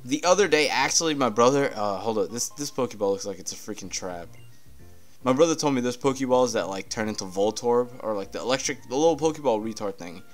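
Soft background music plays as a man with a medium pitch and lively intonation talks fast over a video game playthrough. His casual let's-play commentary is rambling and profane, and the game irritates him easily.

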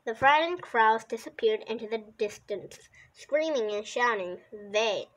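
Woman slowly reading a kids picture book out loud, takes her time, trips up now and then. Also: on the high side, animated, poor audio. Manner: slow, unhurried reading with occasional slips and restarts. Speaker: storybook reader.

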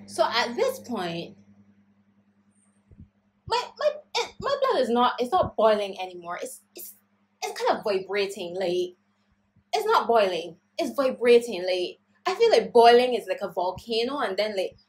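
A woman telling a storytime rant on her vlog. She talks dramatically, acting out the voices of the people in her story and swinging from calm delivery to shouting. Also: a little high, unhurried, low-quality recording. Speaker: vlogger.

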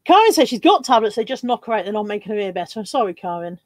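A woman's voice: medium pitch, sing-song, racing, no echo. A woman hosting a live haul stream, chatty and jokey, reading out viewer comments and laughing often. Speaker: livestream host. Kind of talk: casual live haul chat.

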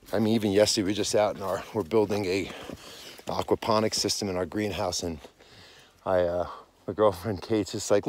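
A man in his forties talks on a podcast as he walks his dog outdoors at altitude, out of breath as he goes. His voice sits a little low, and he rambles and corrects himself in a loose, conversational way. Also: fairly even intonation, brisk, a little mellow. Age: 40s. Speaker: dog trainer and podcast host. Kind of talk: casual monologue while walking outdoors. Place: outdoors on a snowy mountain property at dusk.

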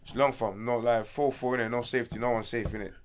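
A man's voice: mid-range voice, flat delivery, rapid-fire, slight background noise. Ranting young man. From Congo. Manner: loud ranting, profane slang. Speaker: interview guest. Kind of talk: casual interview chat.

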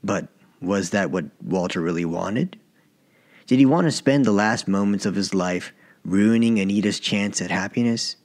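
A man narrating his own short story as an audiobook, in a measured, even reading. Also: lowish voice. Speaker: author and narrator.

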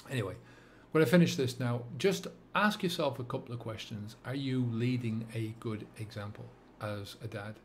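A middle-aged man with a Dublin accent, talking to camera as a sobriety coach, earnest and halting with many fillers and restarts. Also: mid-range voice, slight background noise. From England and Ireland. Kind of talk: reflective monologue to camera.

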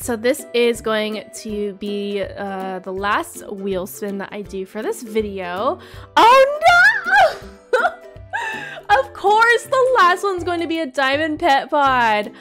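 High-voiced bubbly young woman gamer. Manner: bubbly, excitable, squeals with delight. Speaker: gaming channel host. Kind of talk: gameplay commentary. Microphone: desktop microphone.

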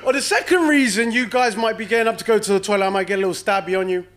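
A man's voice: sits high, rapid-fire, fairly bright tone. A man doing a brash, profane stand-up set and teasing the crowd in a comedy club.

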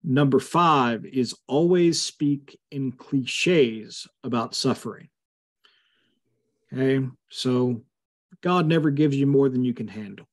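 A man of middle pitch guides a Bible study over a video call. He speaks casually, with many fillers, and breaks into firm asides when he feels strongly. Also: slow. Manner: conversational, frequent fillers, emphatic asides. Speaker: pastor leading a Bible study.

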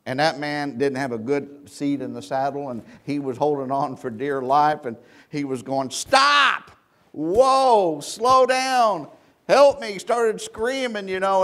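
A man preaching a sermon in a church, telling folksy stories with a Southern Indiana accent and calling out questions to the congregation. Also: a little high. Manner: folksy storytelling preacher, call and response. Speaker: pastor.

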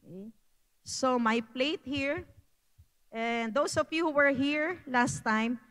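A woman's voice: fairly high pitch, a bit bright, long reverb tail, poor audio. A woman with a Filipino accent giving an earnest, repetitive health talk at a church prayer meeting. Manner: earnest, repeats phrases, slow.

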